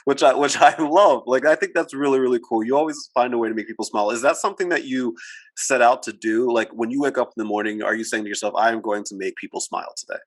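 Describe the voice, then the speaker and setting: A man's voice: medium pitch, quick pace. Upbeat American man hosting a podcast. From United States. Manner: upbeat and effusive, with frequent restarts. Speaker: podcast host. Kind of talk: casual interview chat.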